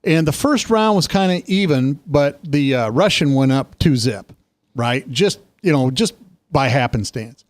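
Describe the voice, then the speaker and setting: A man co-hosting a casual political talk show, telling stories with lively emphasis. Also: no echo. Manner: animated storytelling, quick pitch jumps. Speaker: co-host.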